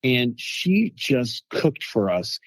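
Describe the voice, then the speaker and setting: A man telling lively food anecdotes as a guest in a casual interview, acting out quotes from people he met. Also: medium pitch, takes it slowly, no room sound. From United States. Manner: animated anecdotes with quoted voices.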